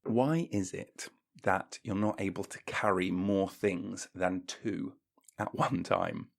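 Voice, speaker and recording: Gravelly man ranting in mock-pompous comedy. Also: takes it slowly. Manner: mock-pompous, jumps into silly high voices and shouts. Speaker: podcast host.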